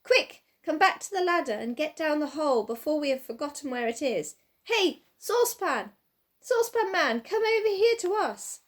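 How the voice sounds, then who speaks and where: A woman as a brisk, cheerful magical man. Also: sits high, expressive, a bit bright. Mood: urgent.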